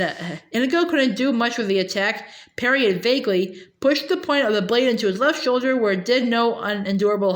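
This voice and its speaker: A woman reading a novel aloud, halting often with fillers and restarts. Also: on the high side. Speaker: reader.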